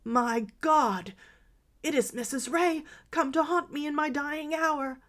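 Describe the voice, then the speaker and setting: A woman's voice: on the high side, steady tone, moderate pace, gravelly. A woman voicing a dying, pleading sinner in her fifties. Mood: terrified. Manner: pleading, confessing, frightened. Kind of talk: audiobook character reading.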